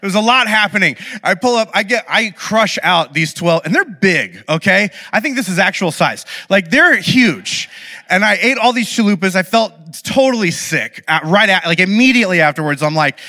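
A man with a high, bright voice delivers a sermon built on humorous, self-deprecating stories. He talks in an animated way to an audience, and his words trail off into the long reverb of a big hall. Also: moderate pace.

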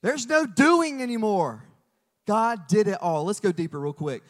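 High-voiced pastor preaching in a hall. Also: male voice, normal speed. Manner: animated storytelling, shifting from hushed asides to loud emphasis. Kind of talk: sermon.

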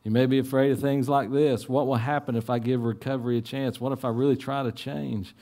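A man preaching a sermon in a church, earnest, dropping to soft low asides and rising to urgent appeals. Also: fairly even intonation, fairly quick. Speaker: pastor.

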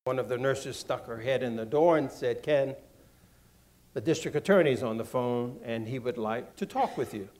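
An older man from Washington, D.C., recalling his past in a measured, reflective way. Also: mid-range voice, darkish tone, slight background noise. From Washington, D.C., USA. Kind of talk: personal recollection.

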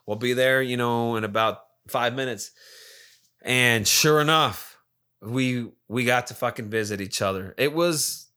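A man's voice: medium pitch, sharp tone. A man in his forties telling a rambling personal story in casual talk, swearing freely as he goes. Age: 40s.

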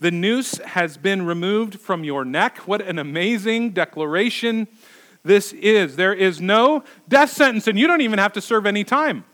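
Emphatic high-voiced male preacher. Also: lively intonation, moderate pace, fairly bright tone. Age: middle-aged. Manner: emphatic preaching, repeats words for stress. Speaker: pastor. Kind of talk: sermon.

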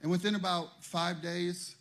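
A pastor preaching a sermon, telling a personal story in a conversational way and then building to loud, emphatic preaching. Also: male voice, sits high, steady tone, measured pace.

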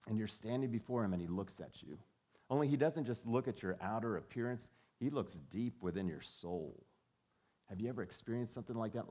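A man's voice: on the low side, warm tone, breathy edge. A male pastor preaching in a conversational way and often putting questions to the congregation. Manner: conversational, asks the listeners questions. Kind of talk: sermon.

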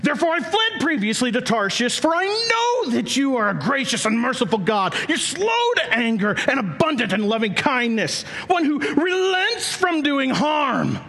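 A man voicing an angry, resentful male prophet crying out to God, loud and strained. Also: high-pitched, big pitch swings, unhurried, husky, pitched above the performer's own voice, full character voice. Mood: anguished.

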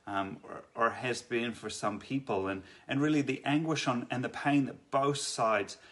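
A man giving an earnest, reflective faith talk, often pausing and restarting his sentences. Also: medium pitch, a bit bright. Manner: earnest, halting, many restarts. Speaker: Christian speaker.

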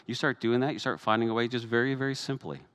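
A man's voice: mid-range voice, quick pace, a bit bright, clear, resonant tone. A man, a pastor, preaching a sermon in a conversational way that rises to emphatic peaks.

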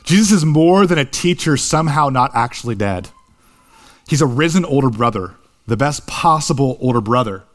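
Earnest male preacher delivering a sermon. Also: animated. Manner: earnest, slows for emphasis, rises in pitch at high points. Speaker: pastor.

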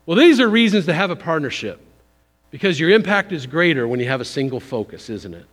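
A man giving a conversational, folksy missions sermon in a church, pushing up for emphasis and then dropping low. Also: very animated, fairly quick, a bit bright. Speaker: visiting missions speaker. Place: church sanctuary. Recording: long hall reverb.

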